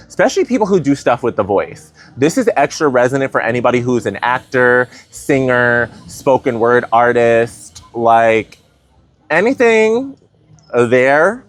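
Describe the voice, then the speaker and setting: Man, tarot reader, casual spiritual reading, animated, playful, rambling with fillers, medium-pitched voice.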